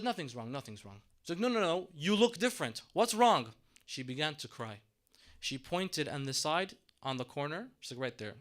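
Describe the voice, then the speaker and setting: A man's voice: a little high, pushed and bright. A man preaching a sermon in a mosque, telling a story dramatically and acting out the characters' voices.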